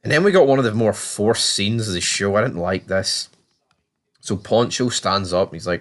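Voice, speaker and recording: A man with a somewhat low voice talks through a TV season in a loose, chatty recap. He swears freely and slips into quick quoted lines from the characters as he goes, keeping it conversational rather than scripted. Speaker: TV show reviewer. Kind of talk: casual recap and commentary.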